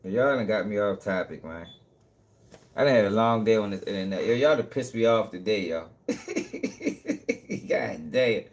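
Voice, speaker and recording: A man's voice: fairly low pitch, normal speed. A young man hosting his own live stream, ranting in a heated casual way, cursing, repeating himself and laughing between points. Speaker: channel host.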